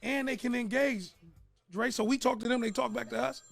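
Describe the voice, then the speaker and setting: Excitable gravelly-voiced radio host. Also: male voice, very high-pitched, a little fast, soft background music. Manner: excitable, hypes up listeners. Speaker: morning show co-host. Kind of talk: radio talk show. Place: radio studio.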